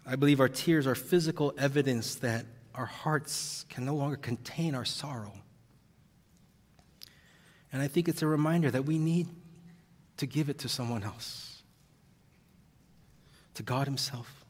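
A man's voice: mid-range voice, measured pace, long pauses. A male pastor preaching an earnest, heavy-hearted sermon, audibly emotional at times. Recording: long reverb of a large hall.

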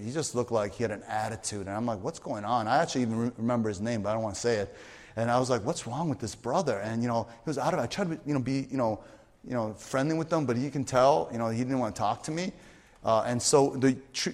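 A man preaching a sermon as a pastor, telling a story with lively energy and many fillers and restarts. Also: mid-range voice, big-room sound. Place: church retreat hall.

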